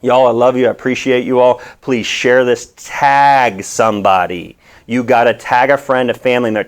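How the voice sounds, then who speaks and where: A man's voice: medium pitch, moderate pace. A man hosting his own health vlog as a wellness doctor, talking straight to the viewer in an impassioned, preachy way with rambling asides. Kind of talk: direct-to-camera health vlog.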